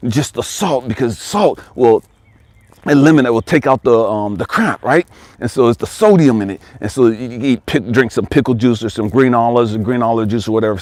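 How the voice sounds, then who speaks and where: A man tells a personal testimony in the manner of a spiritual coach, acting out his story with big swings between loud cries and hushed whispers. He speaks straight to the listener at a middle pitch. The sound is dry and close, with no room echo. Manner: addresses the listener directly.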